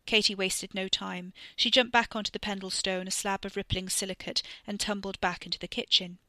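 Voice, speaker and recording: A woman narrating a scripted story in a measured way. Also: mid-range voice, level tone, bright, forceful tone, dry recording. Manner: measured, reading with acted dialogue.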